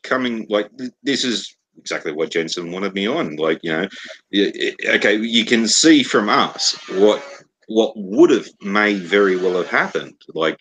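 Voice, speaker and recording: Deep-voiced sweary Scottish man. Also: fairly bright tone, a little hiss or hum. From Scotland. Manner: profane rambling storytelling. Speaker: podcast co-host. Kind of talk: casual banter.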